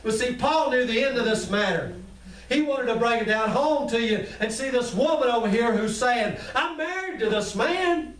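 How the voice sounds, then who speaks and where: A man with a very high voice preaches a fervent sermon and calls straight out to his congregation. The sound is roomy and echoey, picked up from a distance in a church. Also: normal speed. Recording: echoey room, mic at a distance.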